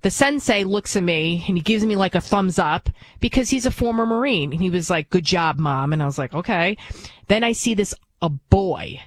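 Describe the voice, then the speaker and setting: A woman's voice: mid-range voice, expressive, a little fast, no echo. A woman who hosts a news show talks in a blunt, outspoken and opinionated casual monologue. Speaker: news TV host.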